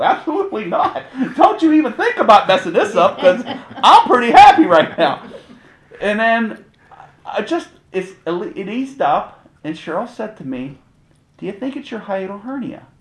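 A middle-aged man, a pastor, telling a personal testimony in a sermon with candid, animated storytelling and chuckles. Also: on the high side, creaky. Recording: roomy reverberant sound.

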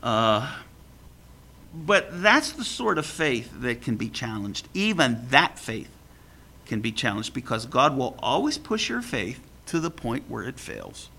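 Man, pastor, sermon, animated, gravelly, bright tone. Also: medium pitch, measured pace. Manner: animated, acts out biblical quotes with laughs.

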